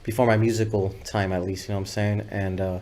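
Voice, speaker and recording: A man telling stories as a podcast guest, laid-back and rambling, swearing freely and filling pauses with "uh" and "you know what I'm saying". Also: on the low side, flat delivery, darkish tone. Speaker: music video director, podcast guest. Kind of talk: casual storytelling interview.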